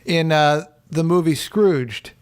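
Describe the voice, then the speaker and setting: A man comedian telling deadpan, absurd stories in loose banter, with many fillers. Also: on the high side, takes it slowly, clear, resonant tone. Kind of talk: joking improvised banter.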